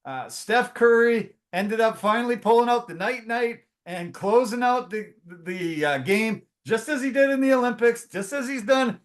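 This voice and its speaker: A man co-hosting a sports podcast, telling stories in a casual, animated way with plenty of fillers and restarts. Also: very high-pitched, moderate pace, few pauses. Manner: animated storyteller, acts out quotes.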